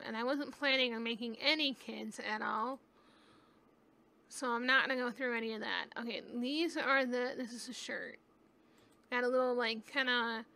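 A gaming YouTuber, a woman with a high, bright voice, chats casually over her gameplay, rambling and thinking out loud. She is recorded on a webcam microphone.

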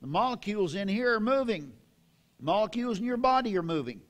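An older man preaching a sermon in a church, reading scripture with slow, dramatic emphasis. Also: high voice, big pitch swings. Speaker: pastor. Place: church sanctuary.

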